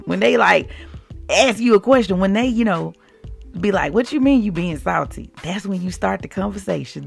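Exuberant woman with a gravelly edge. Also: mid-range voice. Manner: exuberant, laughing, calls out to listeners. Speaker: Christian podcast host. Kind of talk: devotional podcast talk.

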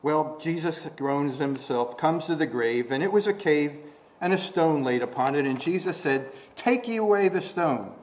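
Speaking at a moderate pace, a man gives a chatty sermon with rhetorical questions and many restarts, rising in pitch and loudness as he quotes scripture. A faint hiss or hum sits in the recording.

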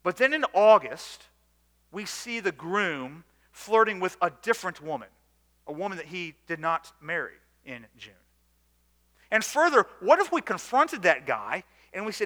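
A man preaching a sermon in a church, earnest and by turns emphatic and hushed. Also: big pitch swings, moderate pace, big-room sound. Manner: earnest, rising to emphatic bursts then dropping low. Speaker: pastor.

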